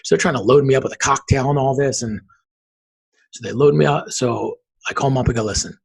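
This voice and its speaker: A man in his forties, a podcast guest, telling his story with lively acted-out dialogue. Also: medium pitch, fairly quick, creaky, husky, poor audio. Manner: animated storyteller acting out quoted dialogue. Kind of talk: storytelling in an interview.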